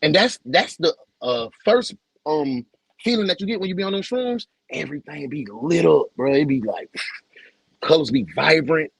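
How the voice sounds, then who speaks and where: Young Southern man, high lively voice, slangy joking livestream host. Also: moderate pace, gravelly, slightly rough, dry recording, poor audio. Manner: loose, joking, slangy, greets viewers by name. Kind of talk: casual livestream chat.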